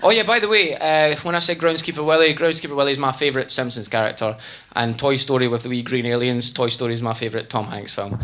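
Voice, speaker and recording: A man with a Glasgow Scottish accent doing stand-up, telling stories in an animated, laughing way. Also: mid-range voice, fast. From Scotland. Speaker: stand-up comedian. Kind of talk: stand-up comedy. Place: comedy club stage.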